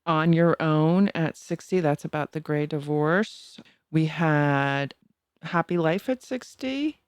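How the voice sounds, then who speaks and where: A woman's voice: deep voice, slow, smooth, no echo, clean studio sound. Bubbly laughing woman co-host, Boston accent. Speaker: podcast co-host. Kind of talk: casual chat.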